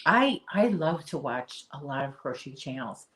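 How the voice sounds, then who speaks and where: A woman's voice: deep voice, big pitch swings, a little slow. A woman hosting a crochet livestream, chatting casually with her viewers and answering their comments, often restarting her sentences. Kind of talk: casual live chat while crocheting.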